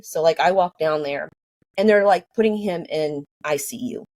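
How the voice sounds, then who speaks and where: A woman's voice: fairly low pitch, moderate pace, dark tone. Rambling woman telling a personal story. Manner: rambling, lots of fillers, acts out quoted dialogue. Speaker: guest telling her story. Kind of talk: casual storytelling.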